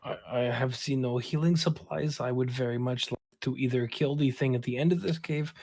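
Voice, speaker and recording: A man's voice: mid-range voice, moderate pace, darkish tone, no room sound. A man playing a tabletop game, talking in character, stammering and dramatic. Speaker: player.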